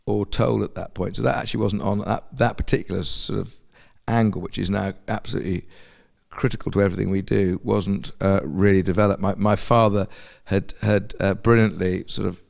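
Deep-ish gravelly guy answering a podcast question, keeps stalling and restarting. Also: fairly even intonation, a little mellow. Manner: halting, repeats words while searching for phrasing. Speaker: podcast guest. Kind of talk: conversational interview answer.

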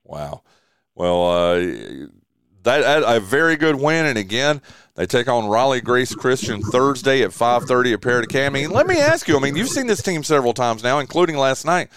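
A man's voice: medium pitch, expressive, moderate pace, fairly bright tone, clean tone, no room sound. A man hosting a local sports radio show, chatting casually about game scores with lots of fillers and restarts.

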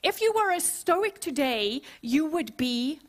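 A woman pastor preaching a sermon, expressive and playful, with humorous asides to the congregation. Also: high-pitched, takes it slowly. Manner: expressive, acts out scenes.

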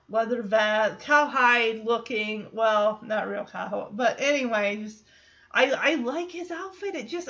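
A high-voiced young woman from Michigan talks casually about an episode, laughing often and slipping into the characters' lines. The recording sounds dull and a little lo-fi. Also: a bit bright. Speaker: show reaction vlogger.

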